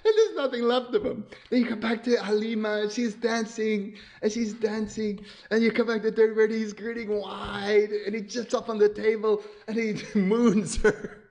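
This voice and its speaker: Giggling man pitching a cartoon. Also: steady tone, moderate pace, hardly any pauses, darkish tone. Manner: keeps laughing at his own story; acts out sound effects and cries. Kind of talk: excited story pitch narration.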